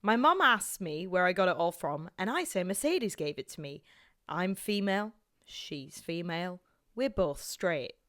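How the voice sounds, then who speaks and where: A woman's voice: fairly low pitch, expressive, unhurried, a bit bright. A Scottish-accented storyteller, as a woman puts the accent on, reading aloud and stumbling over some words. The voice swoops up and down, full of life. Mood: amused. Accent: Scottish, put on.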